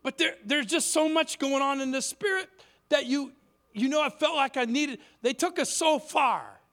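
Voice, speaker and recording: A guest preacher from Cleveland's inner city delivers a sermon in a church, speaking at normal speed in a very high voice. He tells stories with lively energy and acts out the voices of the people in them.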